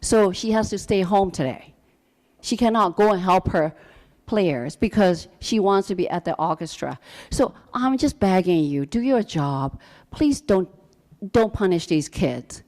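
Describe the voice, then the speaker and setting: A mother giving an emotional, halting public comment at a school board meeting, pleading with the board. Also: on the low side, expressive, darkish tone. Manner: pleading, halting, restarts often.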